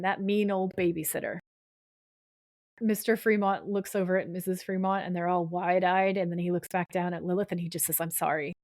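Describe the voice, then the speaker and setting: A woman co-hosting a podcast, chatting casually as she recaps a TV episode and acts out the characters' lines with lively voices. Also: mid-range voice, dry recording, studio quality. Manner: animated, acts out quoted lines. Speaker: podcast co-host.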